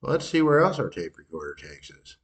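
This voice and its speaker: A man hosting a podcast, adding wry, crude commentary between his own recorded clips and softening his jokes afterward. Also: mid-range voice, big pitch swings, brisk. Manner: wry, crude, self-correcting. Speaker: podcast host.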